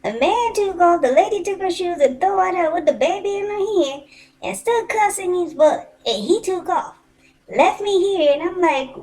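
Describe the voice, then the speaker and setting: A woman telling a personal story in a casual, animated and colloquial way, swearing freely. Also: extremely high pitch, normal speed, low-quality recording.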